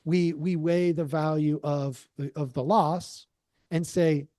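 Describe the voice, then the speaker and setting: A man hosting his own podcast, talking through ideas in an emphatic, explanatory way and calling his listeners folks. His voice sits a bit high for a man, and the sound is dry and close with hardly any room echo. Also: steady tone, takes it slowly, dark tone. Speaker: podcast host. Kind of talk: solo podcast commentary.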